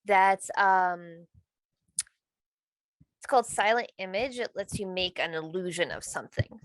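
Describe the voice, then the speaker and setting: Woman player, bright voice, dry close sound, thinks aloud. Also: fairly low pitch, dry recording, low-quality recording. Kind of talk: casual chat at a tabletop game.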